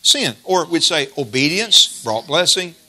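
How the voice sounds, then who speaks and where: Male preacher, fairly high voice, bright forceful tone, emphatic deliberate scripture reading. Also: very animated. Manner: emphatic, drawn-out scripture reading and call-and-response prompts. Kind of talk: sermon.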